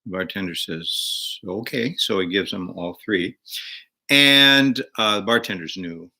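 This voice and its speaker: An older man with a fairly low but bright, forward voice tells a joke at his own pace. He stumbles and restarts, filling gaps with "uh" as he goes. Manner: rambling, halting delivery with many fillers and restarts. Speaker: show host. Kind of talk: casual joke-telling chat.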